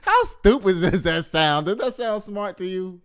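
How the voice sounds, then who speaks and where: A man from Texas hosts a loose commentary show. His voice sits high and comes across smooth and clean. He talks in an animated, mocking way, swearing freely and laughing often. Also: a little slow. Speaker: host. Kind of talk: casual commentary.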